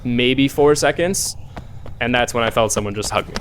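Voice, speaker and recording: A man's voice: medium pitch, normal speed, noisy background. A man casually telling a personal story, rambling and shaken, with lots of filler words and swearing. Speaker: storyteller recounting a personal encounter. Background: eerie music bed.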